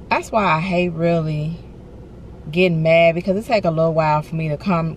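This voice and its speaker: This young woman's voice is on the low side, with a little hiss or hum in the recording. Sitting in her car, she vlogs an animated, casual rant aimed directly at her viewers, whom she calls "y'all" and "honey."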